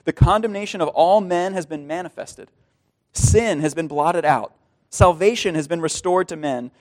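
A man preaching a sermon to his congregation, earnest and animated, often repeating a word as he speaks. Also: a little high, normal speed. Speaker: pastor.

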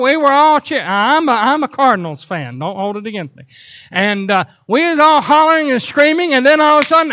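A man preaching a sermon in a church, telling animated stories broken up by sudden whoops. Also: extremely high pitch, brisk, muffled recording. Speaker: pastor. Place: church sanctuary.

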